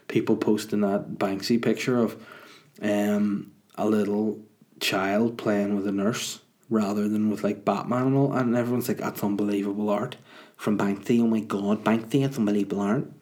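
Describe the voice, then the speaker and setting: Mellow-voiced man ranting casually. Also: lowish voice. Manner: chatty, ranting, swears freely. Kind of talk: casual rambling monologue.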